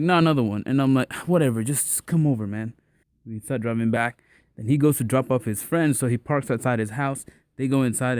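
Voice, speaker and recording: A young man casually telling a personal story to the camera in a relaxed, slangy way, acting out the people in it. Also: mid-range voice, smooth, no room sound, studio quality. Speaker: vlogger.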